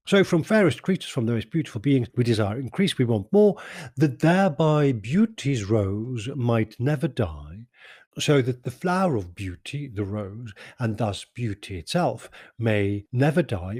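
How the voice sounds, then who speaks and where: A man hosting a poetry podcast, explaining a sonnet line by line in a measured, precise lecturing manner. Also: medium pitch, a little mellow, husky. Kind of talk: explanatory commentary on verse.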